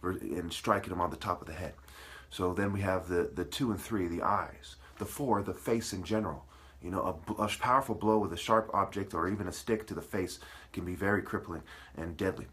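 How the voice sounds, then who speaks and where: Low-voiced man in a profane rant. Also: a little fast, a bit bright. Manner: aggressive, profane, preachy; breaks words into syllables. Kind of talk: ranting monologue.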